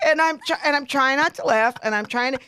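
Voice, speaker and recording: A middle-aged woman, hosting a podcast and telling a story in a lively, laughing way. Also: sits high, quick pace, no room sound. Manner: animated, laughs a lot, acts out quotes. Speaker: podcast host. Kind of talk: casual storytelling chat.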